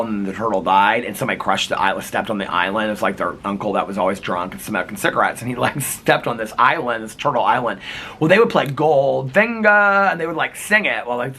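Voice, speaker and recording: A man's voice: on the low side, fast talker, few pauses, pushed and bright, breathy edge. A middle-aged man vlogging in casual chat, rambling from story to story, laughing often and quoting old movie lines. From United States.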